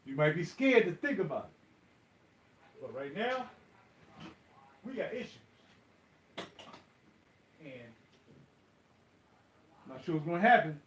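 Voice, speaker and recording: Chatty middle-aged man. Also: on the high side. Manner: rambling, talks straight to viewers while ironing. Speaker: vlogger. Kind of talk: casual live-stream chat.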